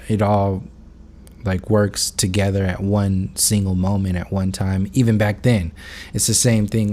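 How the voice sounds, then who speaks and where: A man's voice: deep voice, mellow. Rambling, swearing man vlogger. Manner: rambling, full of fillers and restarts, swears freely. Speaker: video blogger. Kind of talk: unscripted monologue.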